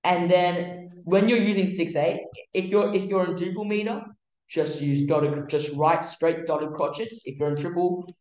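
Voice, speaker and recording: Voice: mid-range voice, a little slow, a little mellow, very echoey, low-quality recording. A music theory tutor giving a casual online lesson, explaining in a chatty way with many fillers and restarts.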